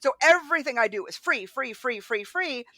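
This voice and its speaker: A woman's voice: sits high, expressive, normal speed, sharp tone, dry recording. A woman hosting a podcast who talks bluntly and frankly in casual chat. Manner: blunt, frank talk with some profanity. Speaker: podcast host.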